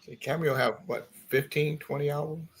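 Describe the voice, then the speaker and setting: A man with a fairly high voice speaks at a moderate pace over slight background noise. Hosting a casual morning talk show, he chats with his co-hosts, greets listeners by name, and tells jokes. He's an animated storyteller who changes his voice for the characters he quotes.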